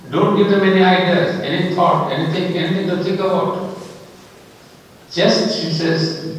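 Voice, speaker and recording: A man with an Indian accent giving an earnest public talk, emphatic and slowing down on key words. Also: high voice, a little hiss or hum. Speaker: speaker in a discussion. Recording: echoey hall from far off.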